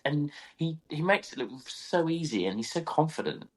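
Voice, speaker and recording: A man's voice: on the high side, lively intonation, normal speed. Gushing, enthusiastic male podcast co-host. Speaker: podcast co-host, event rider. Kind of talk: casual chat.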